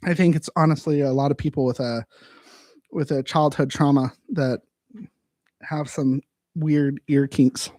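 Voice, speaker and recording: A man's voice: on the high side, fairly even intonation, measured pace, pauses often, warm tone, no room sound. Rambling joking male streamer, dry sound. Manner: rambling, joking, talks to his chat. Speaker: livestream host. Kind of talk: casual livestream chat.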